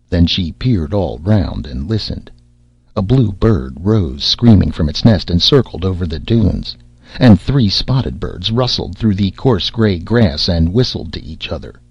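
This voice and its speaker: A man narrating an old fairy tale in a measured storytelling manner. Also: low-pitched, animated, slightly rough, no echo. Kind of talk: audiobook narration. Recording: slightly dull lo-fi audio.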